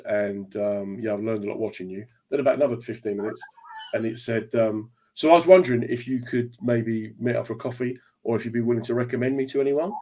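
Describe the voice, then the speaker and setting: Fast-talking comedian telling a story. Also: male voice, mid-range voice. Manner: fast, animated storyteller acting out dialogue. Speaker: radio show host and comedian. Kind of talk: casual chat, telling a stage anecdote.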